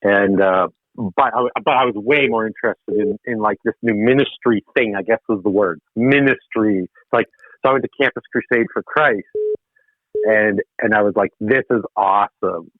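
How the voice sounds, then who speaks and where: A man's voice: fairly low pitch, moderate pace, no echo. A man from Ontario, a podcast guest telling his own story casually and animatedly, laughing at himself. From Canada (Ontario). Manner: animated, laughing, self-deprecating. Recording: tinny dry phone line.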